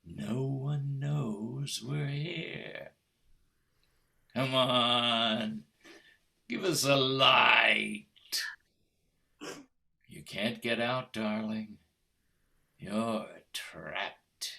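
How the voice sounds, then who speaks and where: A man playing a menacing male lover who taunts a trapped married woman, slow and mocking in a stage play. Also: medium pitch, gravelly, bright, forceful tone, full character voice. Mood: taunting.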